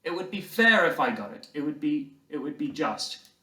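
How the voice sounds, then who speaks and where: A poor little boy pleads through tears in a high, wavering voice, as a male lecturer puts him on. The sound comes from a distance in a roomy hall. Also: sing-song, moderate pace, sharp tone, full character voice. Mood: tearful, pleading. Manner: tearful pleading.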